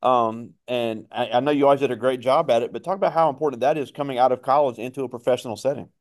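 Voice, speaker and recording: A man's voice: mid-range voice, fairly even intonation, fast talker. A man hosting a school career talk, asking questions in a friendly and rambling way. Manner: friendly, rambling, repeats himself. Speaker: school interviewer and host.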